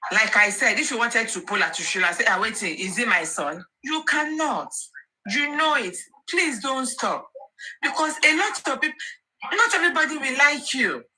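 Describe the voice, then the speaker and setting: Nigerian woman, earnest encouraging tone, fairly high, very bright voice. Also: sing-song, moderate pace, low-quality recording. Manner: earnest, encouraging, repeats herself, mixes pidgin and Yoruba. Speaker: social media commentator. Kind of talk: casual live audio chat.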